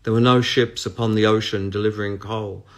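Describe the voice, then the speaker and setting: A man hosting a live stream, reading a story aloud in a measured, expressive way. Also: on the low side.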